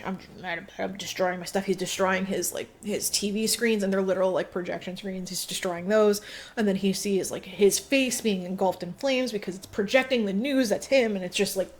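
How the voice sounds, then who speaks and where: A woman's voice: mid-range voice, fairly even intonation, moderate pace. A woman co-hosting a podcast, casually retelling a film plot, acting out quotes and laughing often. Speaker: podcast co-host. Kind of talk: casual movie recap chat.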